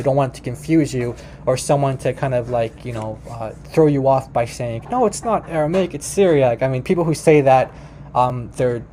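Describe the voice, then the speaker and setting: A man's voice: medium pitch, dark tone, a little hiss or hum. A man teaching language in a casual, informal way, speaking directly to his viewers and often restarting his sentences. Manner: chatty and informal, addresses "you guys", frequent restarts.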